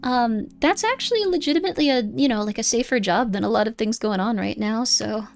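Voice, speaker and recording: A woman streams a game live, with rambling, chatty commentary. She often reads the game text aloud. Her voice sits a little higher than most. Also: animated, fairly quick, gravelly, soft background music.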